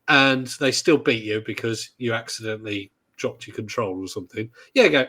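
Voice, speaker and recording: A man co-hosting a gaming podcast, chatting casually in a jokey, animated way with lots of restarts. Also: medium pitch, moderate pace, hardly any pauses. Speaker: podcast co-host. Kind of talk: casual chat.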